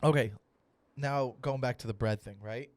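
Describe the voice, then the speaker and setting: A young adult man hosting a comedy podcast, ranting with animated, profane storytelling and acted-out dialogue. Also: medium pitch, normal speed, no echo. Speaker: comedian host.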